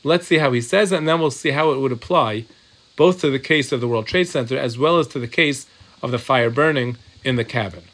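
A man's voice: medium pitch, fairly quick, fairly bright tone. A man teaching a Torah class, reading Hebrew and Aramaic text and explaining it in English through repeated examples. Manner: repetitive, working through examples aloud. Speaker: Talmud teacher.

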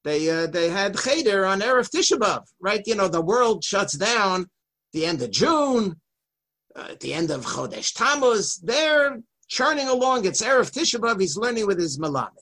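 A man teaching a Torah lesson who reads Hebrew passages quickly and translates them line by line. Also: sits high, big pitch swings, a bit bright. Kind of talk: lecture on a religious text.

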